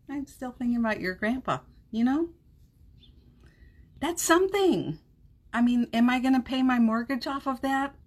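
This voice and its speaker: A woman hosts a live podcast from home, talking in a chatty, warm way and reading out viewers' comments between frequent laughs. Her voice is slightly husky, and she speaks at a slow, easy pace. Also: high-pitched. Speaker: podcast host. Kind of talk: live-streamed motivational chat. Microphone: streaming setup at home.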